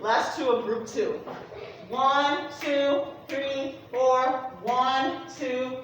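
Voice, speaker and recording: A woman's voice: high voice, fairly even intonation, drawn-out words, a bit bright. Upbeat woman teacher counting off beats. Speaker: music teacher. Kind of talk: classroom rhythm lesson. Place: classroom. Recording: echoey room from far off, noisy.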